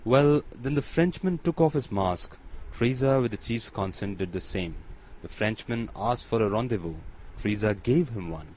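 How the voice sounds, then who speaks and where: A man's voice: on the low side, lively intonation, normal speed, a little mellow, a little hiss or hum, close to an everyday voice, low-quality recording. A man voicing a humble, grateful bandit messenger in an audiobook, deferential and matter-of-fact.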